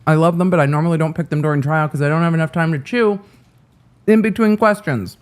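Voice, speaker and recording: Woman, legal commentary host, casual, chatty, slightly low voice. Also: fast talker. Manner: chatty, animated retelling of the scene.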